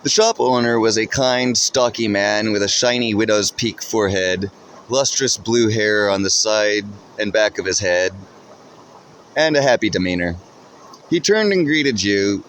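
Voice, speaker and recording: A man narrates a second-person story in a steady, even read. His voice sits low, and a faint hum of ambience sits behind him. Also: unhurried.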